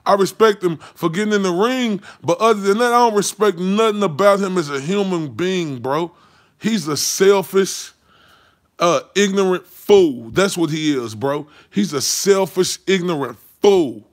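A man's voice: sits high, measured pace. A man ranting about boxing on his channel, heated and mocking, swearing constantly. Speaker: boxing commentary vlogger. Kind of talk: profane casual rant.

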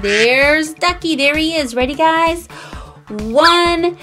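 High, slow, gasping toy-unboxing woman. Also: over loud music. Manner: gasping, animated, talks to the viewers as guys. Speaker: toy channel host. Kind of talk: excited toy unboxing for children.

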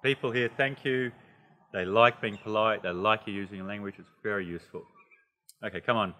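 A man with an Australian accent talks through a casual language lesson. His voice is bright and his delivery is chatty and animated, full of playful asides. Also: lowish voice, a little fast, in a large hall. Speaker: English teacher.

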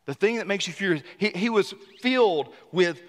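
Animated preaching man in a reverberant sanctuary. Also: sits high, moderate pace. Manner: animated preaching with sudden loud bursts and asides. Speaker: senior pastor. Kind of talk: sermon. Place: church sanctuary.

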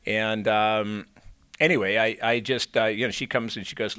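A man's voice: on the low side, steady tone, moderate pace, sharp tone, smooth, dry recording. A man from Illinois, an actor being interviewed, telling long anecdotes with many fillers and restarts. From Illinois, USA. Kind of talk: casual storytelling in an interview.

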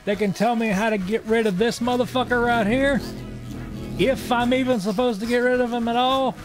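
A man's voice: very high-pitched, steady tone, moderate pace, over music. A young man streaming a video game, delivering sarcastic, profane, wisecracking commentary as he plays. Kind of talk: let's-play commentary.

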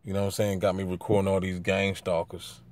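A man's voice: low voice, flat delivery, quick pace. Taunting man filming on the street. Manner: taunting, slangy, swings from mutters to loud jeers. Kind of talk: casual running commentary to camera. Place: outdoors by a street. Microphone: handheld camera.

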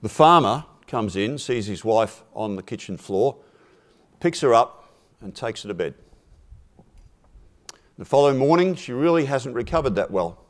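A man speaking at a forum, telling a simple fable in a measured, deliberate way and dropping his voice for punchlines. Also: medium pitch, expressive. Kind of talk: storytelling a fable in a talk.

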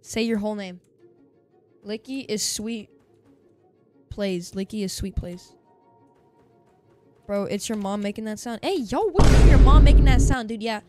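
A man with a high, youthful-sounding voice, chattering casually to his viewers during a live game stream and bursting into loud excited outbursts. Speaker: game livestreamer.

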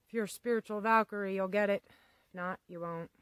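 A woman talks straight to her camera in a blunt, rambling rant, swearing casually and hammering her points with emphatic asides. Her voice sits at an ordinary middle pitch, and it sounds close and dry, with no room around it. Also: fairly even intonation, fairly quick, smooth, no room sound, poor audio. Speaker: vlogger.

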